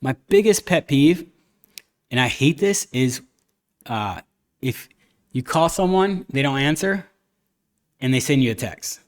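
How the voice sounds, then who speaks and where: A man talks through a casual podcast chat in a middle-pitched voice. He rambles candidly from one story to the next, acting out bits of past conversations as he goes. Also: lively intonation, a little slow, long pauses. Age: adult, a father. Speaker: podcast host.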